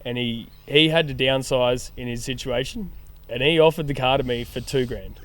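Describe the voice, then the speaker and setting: A man's voice: medium pitch, normal speed. A young Australian man on a podcast, telling a story with lots of swearing and acted-out dialogue. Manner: animated storyteller, swears freely, acts out dialogue. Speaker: podcast guest. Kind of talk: casual chat, storytelling.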